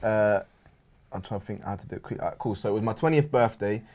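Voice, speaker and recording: Laid-back male podcast co-host, fairly low and mellow voice, slangy and casual. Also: quick pace. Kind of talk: casual storytelling chat.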